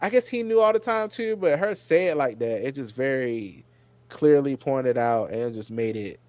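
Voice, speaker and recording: A man's voice: mid-range voice, moderate pace, dry recording. Man retelling scenes on a dull dry mic. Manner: animated, retells scenes by acting out characters' quoted lines. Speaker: host. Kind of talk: casual TV episode review chat.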